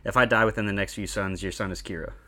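Chill guy with a lowish voice walking through what happened, lots of uh and like. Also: quick pace. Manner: relaxed, plot-summarizing with lots of fillers. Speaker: podcast co-host. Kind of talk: casual chat recapping an anime.

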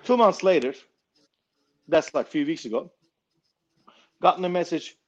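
A knife maker telling a story casually, blunt and swearing freely. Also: male voice, on the high side, animated, normal speed, highs cut off.

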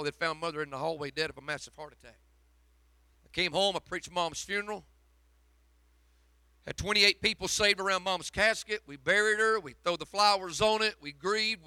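A man preaching a sermon, dropping to a hush and then rising to shouts. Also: extremely high pitch, no echo. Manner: swings from hushed to shouting, dramatic preaching. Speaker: pastor.

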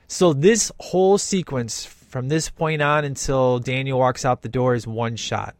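Host, male, eager watch-along commentary, mid pitch, dry close sound. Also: moderate pace, hardly any pauses, no echo. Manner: excited, enthusiastic, imitates characters. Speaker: host reacting to a film.

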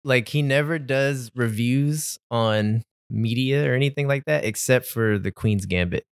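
A man's voice: medium pitch, a little slow, no room sound. A young man co-hosting a comedy podcast, chatting loosely and laughing often. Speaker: podcast co-host. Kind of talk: casual comedic chat.

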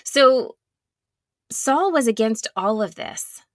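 A woman giving a reflective, earnest sermon, sometimes dropping to a soft near-whisper. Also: fairly high pitch, animated, slow, no room sound, clean studio sound. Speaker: speaker giving a devotional talk.

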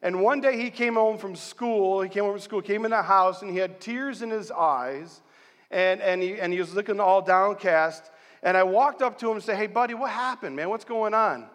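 High-voiced middle-aged pastor in a reverberant hall. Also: male voice, normal speed. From central New York, USA. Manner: animated storytelling, rallying the congregation. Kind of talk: sermon. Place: large church hall.

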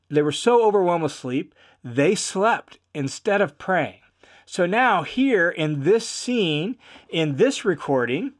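Animated male Bible teacher, conversational, voices the quotes, highish pitch. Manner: animated storytelling, acting out quotes; conversational with "right?" asides. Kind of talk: verse-by-verse Bible lesson.

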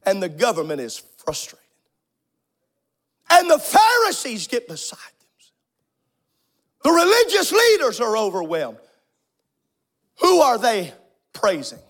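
A man preaching an impassioned sermon, swinging between sing-song shouting and hushed asides. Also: very high voice. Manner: shouting, sing-song preaching cadence with sudden drops to near whispers.

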